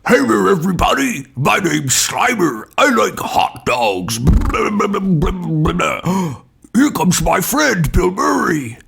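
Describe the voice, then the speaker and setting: A man voicing a goofy, childlike male ghost who talks slowly and excitedly with gasps. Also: sits high, gravelly, slightly rough, voice pushed up, heavily acted. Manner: slow, excited, gasping. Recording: roomy echo in home room.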